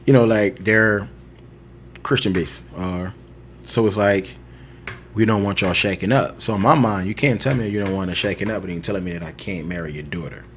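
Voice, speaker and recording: A young man co-hosting a podcast tells a long personal story in loose, chatty conversation, full of fillers like "like" and "you know," and he laughs often. His voice sits low and moves a little fast, with slight background noise.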